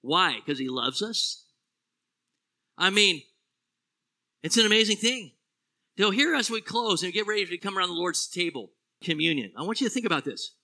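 A man preaching a sermon as a pastor, animated, swinging between loud exclamations and hushed, low phrases. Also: normal speed, pauses often.

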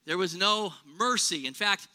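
A male pastor delivers a sermon with a very bright, high voice. He talks conversationally, full of rhetorical questions and playful exaggeration. His tone is sharp and forward. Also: expressive, unhurried. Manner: humorous, exaggerating for effect.

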